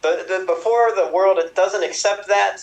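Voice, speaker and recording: A man playing a goofy, flirtatious space engineer in an improvised comedy scene, rambling and giggly with low crooning asides. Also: steady tone, normal speed, creaky. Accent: put-on Bulgarian. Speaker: improv performer. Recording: roomy, picked up from a distance.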